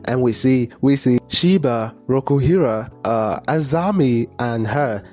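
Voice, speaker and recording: A man's voice: medium pitch, a little slow, darkish tone, soft background music. A man casually reviewing a manga chapter, reading the panels aloud, chatting and laughing as he reacts.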